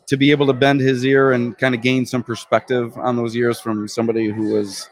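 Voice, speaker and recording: A man's voice: mid-range voice, flat delivery, brisk. A young adult man, a sports reporter and guest, chatting casually and thoughtfully, often repeating words as he starts. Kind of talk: casual chat.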